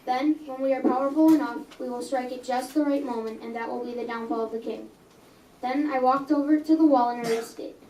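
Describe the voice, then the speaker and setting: A woman's voice: high voice, steady tone, brisk, warm tone, a little hiss or hum. A young reader reading her own story aloud in a coffee house, earnest, with small stumbles and self-corrections. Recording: echoey room, mic at a distance.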